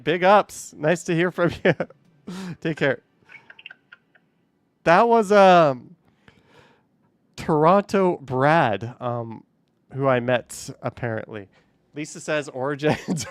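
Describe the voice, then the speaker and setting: A man's voice: on the high side, takes it slowly, pauses often, no room sound. Chatty male live-stream host. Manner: chatty, laughs often, reads chat aloud. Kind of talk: casual live-stream chat with callers.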